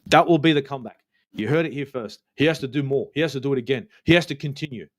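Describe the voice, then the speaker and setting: A man's voice: mid-range voice, fast talker. A man, ranting passionately about football on a live fan stream, swearing often and repeating his points for emphasis.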